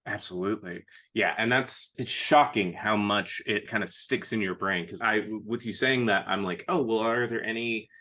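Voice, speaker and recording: A man with a lowish voice and a bright, forceful edge hosts a loose chat. He rambles through his stories and laughs at his own past. The delivery stays casual and conversational. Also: normal speed, hardly any pauses. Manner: self-deprecating, rambling. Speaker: host.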